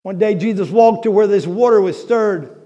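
A middle-aged male pastor preaching a sermon in a folksy storytelling way, building to emphatic shouts. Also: sits high, normal speed, dull audio.

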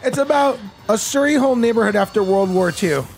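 A man hosting a casual quiz among friends, reading out the answers in a plain, deadpan way. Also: very high-pitched, a little fast, faint music behind. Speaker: quiz host. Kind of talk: casual quiz game chat.

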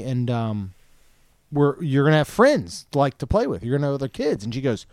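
A man's voice: mid-range voice, very animated, a little fast, darkish tone, dry recording, clean studio sound. A man co-hosting a podcast in casual chat, easygoing and agreeable, telling family anecdotes. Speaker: podcast co-host.

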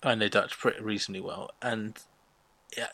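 A man's voice: lowish voice, fairly even intonation, moderate pace, gravelly, pushed and bright. A man co-hosting a podcast, chatting bluntly and opinionatedly about a sitcom. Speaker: podcast co-host reviewing a sitcom. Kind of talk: casual chat.

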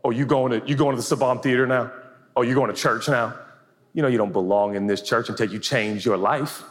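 A man's voice: low voice, takes it slowly, fairly bright tone, in a large hall, voice pushed down. A man doing a sneering, disapproving God. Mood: scornful. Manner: sneering, mocking. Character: stern, disapproving God scolding a believer.

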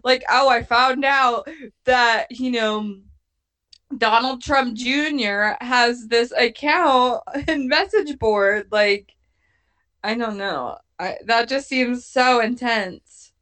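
A young woman co-hosts a podcast recapping a TV show, chatting casually in loose sentences full of fillers and laughing often. Her voice is on the high side, slow, bright, and forceful.

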